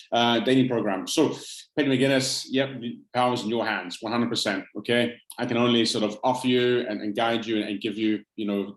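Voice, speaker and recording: Guy coaching a group online, upbeat, keeps saying okay, roomy sound. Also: fairly low pitch. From South Africa. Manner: upbeat and encouraging, checks in with "okay?". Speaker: nutrition coach. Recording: roomy echo.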